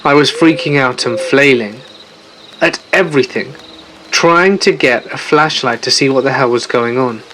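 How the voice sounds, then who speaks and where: A man telling a first-person horror story in a steady, measured narration. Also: mid-range voice, a little hiss or hum, rough recording. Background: faint music.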